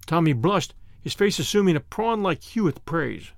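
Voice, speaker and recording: A man narrating a novel as an audiobook reader, steady and even-toned. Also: on the high side, moderate pace, creaky, hardly any pauses, no room sound, clean studio sound.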